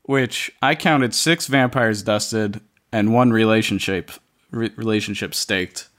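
A man hosting a casual podcast, leading the segments in an animated way. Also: on the low side, measured pace, faint music behind. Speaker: podcast host. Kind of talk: casual chat.

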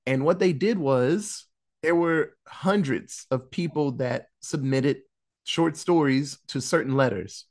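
Casual, laughing podcast host, slightly high. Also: male voice, slow pace. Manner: loose and profane, with laughs.

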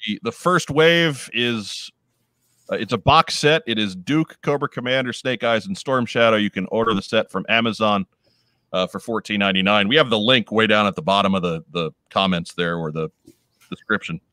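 A man's voice: on the low side, normal speed, bright, forceful tone, dry recording. A man hosting a casual chat show, running through news items in a laid-back, wry way. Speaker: podcast host.

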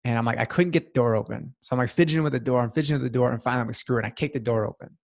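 A man's voice: mid-range voice, rapid-fire, vocal fry, a little mellow. Earnest man telling his story. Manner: earnest, heartfelt storytelling with many "like" fillers. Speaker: podcast guest. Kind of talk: personal life story in a casual interview.

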